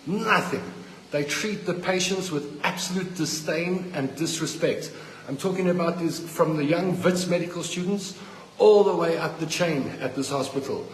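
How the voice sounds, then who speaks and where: Filming himself on a handheld phone in a hospital ward, an angry patient delivers a blunt, indignant rant and repeats himself as he gets worked up. His voice sits a little high, and he talks at normal speed. A long, hollow reverb rings around him, with faint noise underneath.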